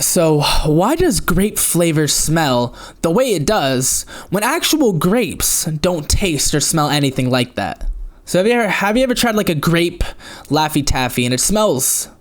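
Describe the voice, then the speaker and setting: Playful teasing podcast host. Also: male voice, a little high. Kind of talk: casual podcast chat.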